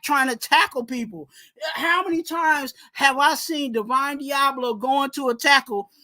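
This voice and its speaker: A man hosting a casual sports podcast who talks in an animated way, leans on "you know what I'm saying", and breaks into shouted rants. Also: very high voice. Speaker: podcast host.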